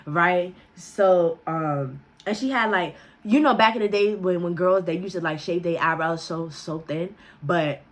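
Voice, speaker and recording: A young woman vlogger telling a casual story, full of cussing and quick to laugh. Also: fairly low pitch. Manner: profane, animated, breaks into laughter.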